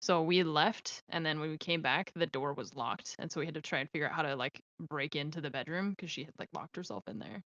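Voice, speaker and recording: Woman guest, low but bright voice, animated, dull dry mic. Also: fairly quick, hardly any pauses, no room sound. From Southern California. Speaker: guest streamer. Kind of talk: casual interview chat.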